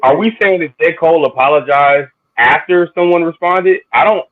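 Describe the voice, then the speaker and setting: A man's voice: fairly high pitch, moderate pace, phone-quality sound. A man on a casual podcast panel who challenges the others with pointed questions. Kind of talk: casual debate among friends.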